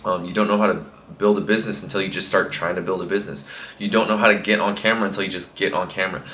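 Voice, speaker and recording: Racing along in a low, bright, forceful voice with fairly even intonation, a young man acting as a fitness coach rambles to camera with plenty of fillers. His casual motivational talk is recorded in an echoey room with a little hiss or hum.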